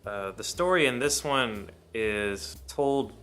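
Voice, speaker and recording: A man talks through a film review in a loose, rambling way, swearing freely and speaking bluntly. His voice sounds bright and forceful. Faint music plays underneath. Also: medium pitch, lively intonation, slow pace. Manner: blunt, profane, rambling opinions. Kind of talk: casual spoken film review.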